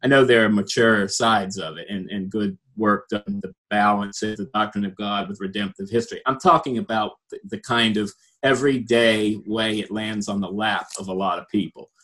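A man's voice: fairly low pitch, fairly even intonation, normal speed, few pauses, fairly bright tone, low-quality recording. A man in a casual discussion, thinking aloud with frequent restarts and a reflective manner. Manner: hesitant, many restarts, reflective.

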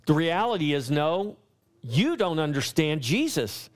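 A man preaching a sermon to his church, his voice sitting a little high for a man. He builds his points through repeated, rising lines. When he quotes scripture, he slows down and leans on each word. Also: sing-song. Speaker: pastor.

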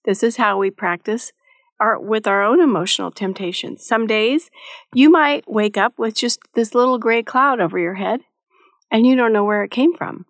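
A woman's voice: a little high, normal speed, no echo, studio quality. A middle-aged woman giving a devotional teaching talk in a motherly, practical way, with light touches of humor. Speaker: Christian devotional speaker.

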